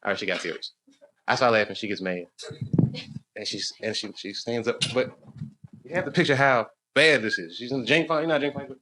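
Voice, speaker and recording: A man's voice: mid-range voice, brisk. A man doing live stand-up, telling a rambling story, laughing at his own jokes and bantering with the crowd. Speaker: stand-up comedian. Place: stage in a comedy club. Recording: live stage recording with noisy audience. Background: audience laughter.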